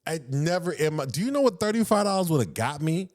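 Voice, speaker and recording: A man's voice: on the high side, fast. A man in his thirties with a Southern US accent, a podcast host telling a profane story and acting out the quotes in raised voices. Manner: animated, acts out quotes in raised voices, profane, laughs often. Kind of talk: casual storytelling.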